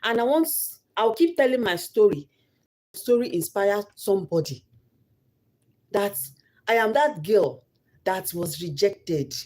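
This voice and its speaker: A woman's voice: medium pitch, expressive, measured pace, pauses often, darkish tone. A young Nigerian woman giving an earnest motivational talk about her life, repeating phrases for emphasis. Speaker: vlogger.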